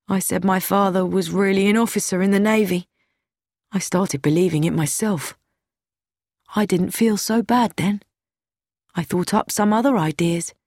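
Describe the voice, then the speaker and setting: A woman's voice: mid-range voice, darkish tone, dry recording, clean studio sound. A woman reading an audiobook, voicing a sad, anxious young man who pleads and pities himself. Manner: pleading, self-pitying.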